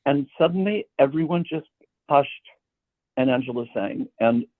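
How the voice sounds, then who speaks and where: His mid-range voice has lively intonation and normal speed as the composer recounts long anecdotes, tripping and repeating words as sentences begin. The recording is dry and tinny, like a phone line.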